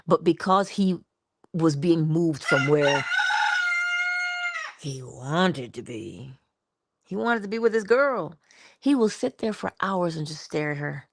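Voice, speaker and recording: A woman hosting an inspirational morning livestream, musing and affectionate, drifting between hushed asides and bursts of laughter. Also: on the low side, dry recording. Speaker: livestream host. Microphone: livestream mic.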